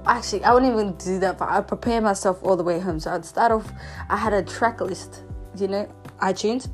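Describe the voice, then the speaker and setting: A young woman talks casually as a podcast host, her voice mellow and soft-edged. She tells things in a self-mockingly dramatic way and laughs often, with faint music behind her. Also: mid-range voice. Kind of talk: casual monologue.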